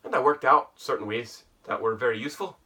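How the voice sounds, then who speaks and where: A man's voice: medium pitch, a little fast, pushed and bright, recorded from a distance. A man vlogging while sitting in an ice bath at home, musing aloud in a rambling, self-mocking way with a put-on Irish brogue. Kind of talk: casual reflective monologue.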